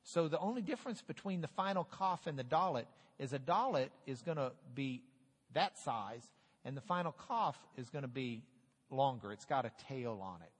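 A middle-aged man teaching a Bible class in a lively, joking, casual way. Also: mid-range voice, moderate pace. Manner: lively, jokey, animated letter drills. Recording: hall reverb.

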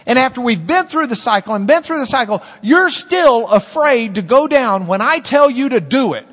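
A man preaching a sermon as pastor, animated, with swings between loud emphasis and hushed asides. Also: very high-pitched, normal speed, hardly any pauses, big-room sound.

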